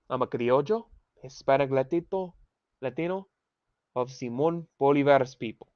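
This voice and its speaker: A man's voice: mid-range voice, lively intonation, moderate pace, darkish tone, no room sound. A young man hosting a livestream, ranting with heavy swearing and rambling restarts, and dropping Spanish phrases into his talk. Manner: profane, rambling, heated. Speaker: livestream host. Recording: dull lo-fi home mic.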